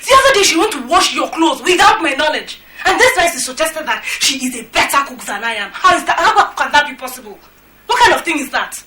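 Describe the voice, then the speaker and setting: An actress playing a jealous young wife, complaining in a shrill, exasperated way. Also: female voice, very animated, brisk, warm tone. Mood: indignant. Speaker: wife of the household. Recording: echoey room, mic at a distance.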